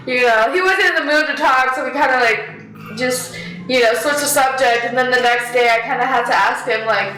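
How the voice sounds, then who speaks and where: A young woman casually telling a story on a podcast, animated, swearing often and laughing. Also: sits high, fairly quick, reverberant, rough recording. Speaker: podcast co-host.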